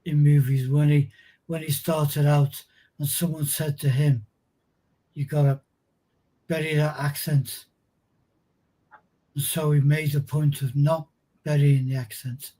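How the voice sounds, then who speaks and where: A man with a slightly raised, husky voice talks in relaxed conversation. He recounts a friend's story and reacts with quick asides. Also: fairly high pitch. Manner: conversational, reacts with short interjections. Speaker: show co-host. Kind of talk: casual chat.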